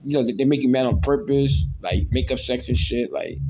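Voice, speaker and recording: A man's voice: medium pitch, brisk, creaky, muffled recording, music in the background. A man hosting a casual solo podcast, rambling and slangy with lots of filler words, often teasing and mock-scolding. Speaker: podcast host.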